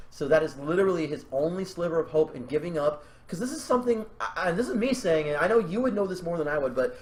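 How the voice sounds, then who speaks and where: Podcast host: excitable young man, slightly high voice, rambles, restarts, laughs a lot. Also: fast, few pauses. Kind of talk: casual creative brainstorming chat.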